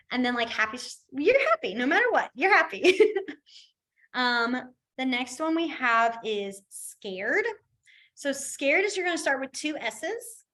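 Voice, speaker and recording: A woman teaching a beginners' class in a casual, chatty way, laughing easily and trailing off into quiet pauses while she demonstrates. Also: high-pitched. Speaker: sign language teacher. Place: library classroom.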